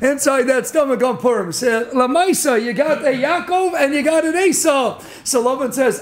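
A man giving a lively Torah lecture as a rabbi. He laughs often and mixes Hebrew and Yiddish terms into his talk. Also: extremely high pitch, normal speed, hardly any pauses.

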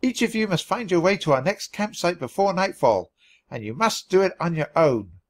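A bossy female mouse survival instructor from a storybook who squeaks out her orders, as a man reads her aloud. Her voice is high and lively. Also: normal speed. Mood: commanding.

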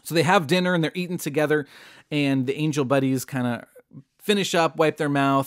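A man's voice: on the high side, a little fast, no echo. Man, Bible teacher, comedic storytelling, jokey slang, dry close sound. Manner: casual and jokey, with modern slang.

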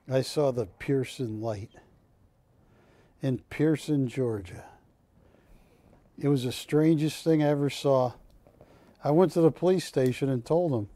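A man's voice: a little high, mellow, no room sound. A man hosting a live shopping channel, joking with the crew and counting prices down. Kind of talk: live TV sales pitch and banter.

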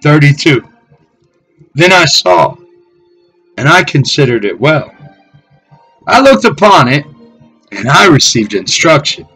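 A man preaching from scripture in a fiery, profane way, swinging between shouted tirades and low mocking murmurs. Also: sing-song, slow pace, long pauses, husky, faint music behind, low-quality recording. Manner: swears heavily. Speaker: street preacher.

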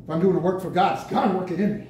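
A man preaching a lively sermon at a senior center, bursting out with excited exclamations. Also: high-pitched, very fast. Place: senior center meeting room. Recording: very echoey room, mic from far off, faint noise.

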